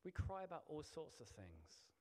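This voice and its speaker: A man's voice: a little high, sing-song, moderate pace, mellow. A middle-aged man, a vicar, preaching a sermon in a chatty, self-deprecating way with many restarts. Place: church hall. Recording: long hall reverb.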